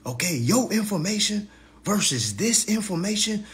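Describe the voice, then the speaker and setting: A man in his thirties delivering a mocking, profane roast monologue to camera, swinging between loud jeers and low mutters. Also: sing-song, normal speed. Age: 30s.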